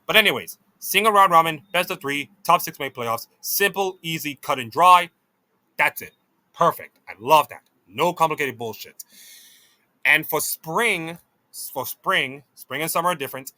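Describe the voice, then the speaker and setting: Jamaican guy reacting to league formats, kinda high voice, very dry close sound, gets real hyped. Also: moderate pace, no echo. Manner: excitable, gushing, swings between loud delight and muttered asides. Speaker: esports commentator. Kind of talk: reaction commentary vlog. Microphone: desk mic, webcam off.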